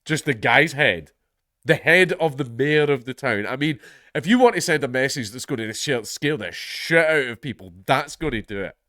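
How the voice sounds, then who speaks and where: A man's voice: medium pitch, lively intonation, normal speed, bright, forceful tone, dry recording, clean studio sound. A Scottish man with a blocked-up head cold, hosting his channel and reading a news article aloud while breaking off into sardonic, sweary asides. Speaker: commentary channel host.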